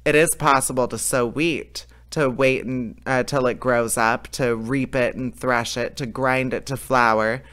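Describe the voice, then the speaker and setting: A man voicing a loyal talking steed who answers in a measured, steady way. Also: medium pitch, smooth, close to an everyday voice.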